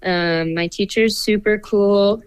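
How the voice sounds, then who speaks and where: A woman's voice: medium pitch, steady tone, slow pace, smooth, dry recording, low-quality recording. A young woman, a music student and songwriter, chatting casually and saying "like" a lot. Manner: laid-back, lots of "like". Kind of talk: casual chat.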